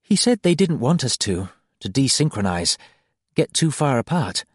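A man voicing a gentle, anxious woman in an audiobook, speaking softly and quietly. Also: medium pitch, sing-song, moderate pace, slightly rough, no room sound, studio quality, voice pushed up. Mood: tender. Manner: soft, quiet. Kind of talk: audiobook character voice.

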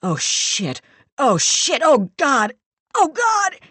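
A woman voicing a panicked young man being dragged under water, shouting in terror. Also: high voice, huge pitch swings, extremely slow, dry recording, pitched above the performer's own voice, heavily acted. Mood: terrified.

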